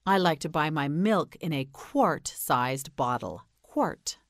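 A woman with an American accent teaching English pronunciation, slowly enunciating and repeating words for learners to say back. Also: sits low, expressive, no echo, clean studio sound. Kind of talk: slow drilled vocabulary lesson.

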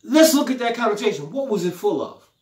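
A man's voice: high voice, very animated, fairly quick, reverberant. A man preaching a sermon with fervent exclamations, repeating his lines and acting out the scripture in a pleading voice. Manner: paraphrases the scripture aloud in a pleading voice.

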